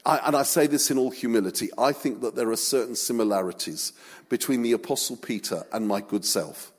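A man preaching a sermon, telling the story with humor and animated, self-deprecating asides. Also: mid-range voice, a little fast, slightly rough. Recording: long echoing church reverb.

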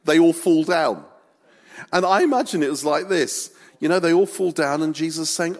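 A man preaching a sermon, telling the story with humor and animated, self-deprecating asides. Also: on the high side, unhurried. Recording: long echoing church reverb.

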